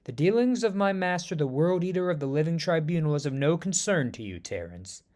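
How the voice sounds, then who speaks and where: A man's voice: on the high side, animated, brisk, darkish tone, natural voice. A man voicing a cold, haughty silver alien herald who speaks in grave, formal lines. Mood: scornful.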